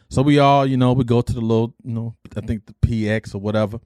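A man's voice: mid-range voice, fast talker, no echo, studio quality. A middle-aged man from Detroit, an army veteran, casually telling his life story and acting out the dialogue. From Detroit, USA. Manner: animated retelling, acts out dialogue, mild cursing substitutes.

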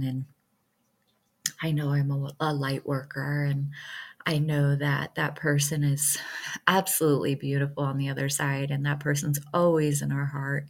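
Husky, slow-spoken woman, close to tears. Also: sits low. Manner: halting, emotional, with many pauses and fillers. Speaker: spiritual vlogger, self-described light worker. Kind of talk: casual reflective talk to viewers.

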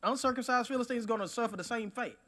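A preacher doing David, a bold young shepherd. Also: male voice, very high voice, racing, a bit bright. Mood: casual. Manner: casual, slangy, confident.

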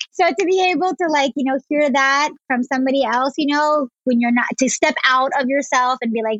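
A woman's voice: sits high, brisk, fairly bright tone, dry recording, muffled recording. A woman entrepreneur guest telling stories effusively, full of "like" and "you know". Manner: effusive storyteller, lots of "like". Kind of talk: casual interview chat.

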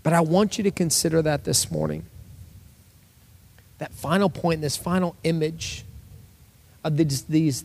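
A man's voice: a little high, gravelly, a little mellow. A male pastor preaching a conversational sermon to his church, acting out quotes in his telling.

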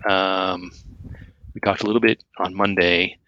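A man's voice: deep voice, flat delivery, a little slow, sharp tone, highs cut off. A man co-hosting a podcast in casual chat, rambling with many fillers and restarts. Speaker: podcast co-host.

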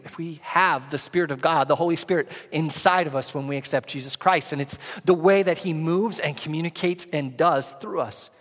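A fairly high-voiced man preaches a sermon in a church sanctuary. He talks earnestly, telling stories and climbing in pitch and force as he builds. A long reverb hangs behind his voice. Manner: earnest, storytelling, rising in pitch and volume when excited. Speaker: pastor.

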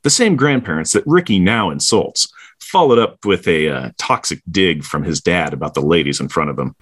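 A man's voice: deep voice, lively intonation, moderate pace, a bit bright, husky. A man co-hosting a podcast, recapping a comic book story in a playful, jokey way. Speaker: podcast co-host.

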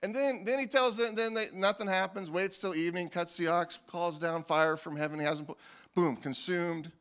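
A male pastor preaching a sermon in a casual, animated way, often restarting his sentences. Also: sits high, moderate pace, clean tone. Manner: animated and informal, with frequent restarts. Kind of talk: conversational sermon.

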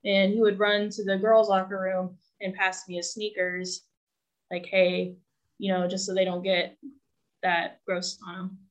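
A woman's voice: mid-range voice, level tone, measured pace. A young woman telling a personal story as a guest, candid and rambling, with self-deprecating humor. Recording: dull lo-fi sound.

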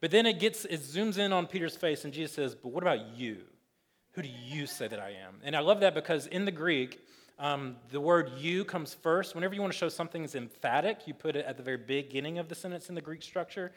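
A man's voice: a little high, quick pace, long reverb tail. A man preaching a sermon as pastor, talking in a loose conversational way with lots of fillers and playful retellings. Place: church sanctuary.

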